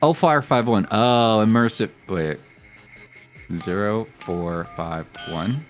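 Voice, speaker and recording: A man's voice: low voice, big pitch swings, takes it slowly. A male streamer giving chatty, jokey gaming commentary and swearing freely. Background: faint game music.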